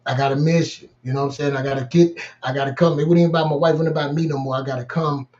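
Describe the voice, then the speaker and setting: A man's voice: on the high side, steady tone, rapid-fire, darkish tone, lo-fi sound. A middle-aged man hosting a podcast, telling a personal story in an emphatic, repetitive, vernacular way. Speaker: podcast host.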